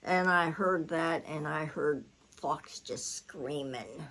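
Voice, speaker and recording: A woman's voice: sits low, slow, few pauses, a bit bright, low-quality recording. A woman hosting her own channel, telling a long story in casual chat while she cooks. She rambles, corrects herself mid-sentence, and uses blunt, salty words. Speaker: channel host.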